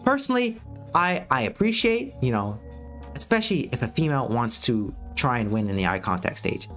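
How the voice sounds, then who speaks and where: A man's voice: medium pitch, brisk, faint music behind. An American man giving blunt, profane dating advice in a casual livestream monologue. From United States. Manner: blunt, profane, animated lecturing.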